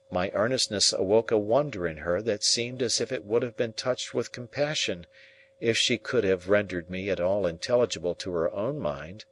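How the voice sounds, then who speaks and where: A man narrating an audiobook of a classic novel in a steady, even storytelling voice. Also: sits low, moderate pace, a little hiss or hum.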